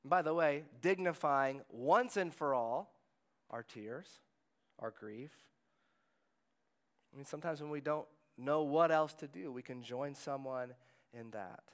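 A man preaching a sermon as pastor, in a conversational way, letting his phrases trail off softly. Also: a little high, measured pace, pauses often, clean tone.

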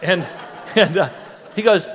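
A lively male preacher with a slightly raised voice tells stories to a crowd, tossing out rhetorical questions and laughing along. The sound rings out with the long reverb of a big hall. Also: sits high, takes it slowly, slight background noise. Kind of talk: storytelling sermon.

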